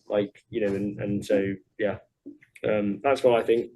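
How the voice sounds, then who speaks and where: A man speaking as an interview guest. His voice sits slightly low, and his delivery is blunt and heavy with profanity. He tells his stories frankly, with no polish. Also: unhurried, low-quality recording. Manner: blunt and profane, animated when quoting others. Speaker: interview guest, former soldier. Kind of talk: casual interview storytelling.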